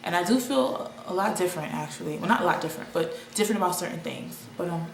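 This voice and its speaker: A young woman rambles through a casual vlog monologue, restarting her sentences as she goes. Her voice sits somewhat low, and the echoey room carries a faint hum of ambient noise. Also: lively intonation, fast talker, creaky. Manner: rambling, chatty, with frequent restarts and laughs. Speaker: vlogger.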